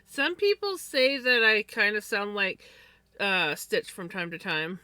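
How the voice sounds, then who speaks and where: A woman's voice: mid-range voice, sing-song, a little slow, bright, forceful tone, dry recording. A woman hosting a livestream, chatting casually while she crafts. She rambles with many fillers. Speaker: livestream host.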